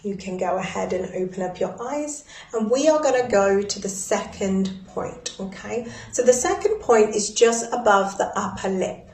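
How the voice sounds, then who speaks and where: Calm lady guiding you thru breathing and a ritual, roomy echo, mid pitch. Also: moderate pace, few pauses. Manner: soothing, gently instructive. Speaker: spiritual guide leading a ritual. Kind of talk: guided breathwork and ritual instruction. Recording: echoey room.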